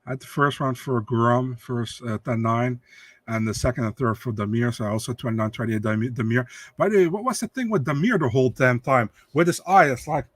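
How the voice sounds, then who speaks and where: Male co-host, casual podcast chat, loose and halting; dry, close recording. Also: mid-range voice, dry recording.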